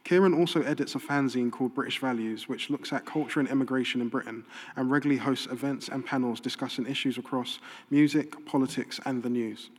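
A man of middle pitch reads out speaker introductions at a live event, formal and steady, item by item. Long hall reverb follows his words. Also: brisk. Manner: formal, list-like delivery. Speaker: event host. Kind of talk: reading a scripted introduction.

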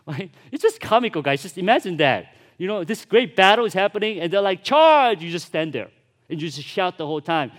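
Pastor, male, lively storytelling sermon with playful asides, slightly high voice. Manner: animated storytelling, acting out voices with casual asides.

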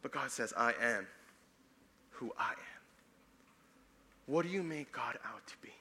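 A young adult man, a pastor preaching a sermon, swinging between loud emphatic passages and soft hushed ones. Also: mid-range voice, animated, unhurried, husky, big-room sound.

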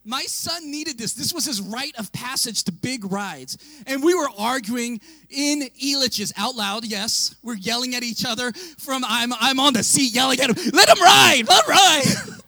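A male pastor giving an animated storytelling sermon, often raising his voice and laughing. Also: extremely high pitch, moderate pace, dry recording.

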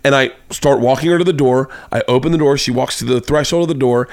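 A man's voice: mid-range voice, fast talker, few pauses, no room sound, studio quality. A man hosting a podcast, telling a long, rambling anecdote in casual chat and acting out the voices of the people in it. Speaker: podcast host. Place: home studio room.

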